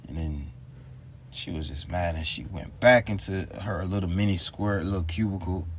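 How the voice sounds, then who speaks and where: A deep-voiced man rambles through a story in loose, slangy talk. He sounds exasperated as he vents to the camera. There is faint noise in the background. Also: normal speed. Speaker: vlogger. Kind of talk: casual vlog storytelling.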